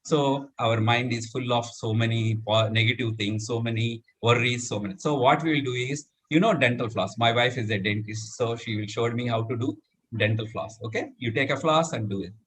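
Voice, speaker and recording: A middle-aged man teaching laughter yoga, talking the group through the steps and breaking into loud cheers and laughter. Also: mid-range voice, moderate pace, husky. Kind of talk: live demonstration talk.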